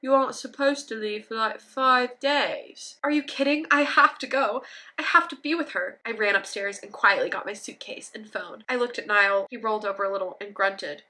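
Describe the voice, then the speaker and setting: A woman's voice: fairly high pitch, moderate pace, sharp tone. A woman reading her old fanfiction aloud, breaking off for sarcastic, joking asides. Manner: sarcastic running commentary, laughing at her own writing.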